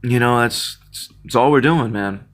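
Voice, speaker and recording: A man's voice: medium pitch, normal speed, fairly bright tone. A man in an impassioned casual monologue, earnest and near tears, often repeating words and restarting. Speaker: Christian video blogger.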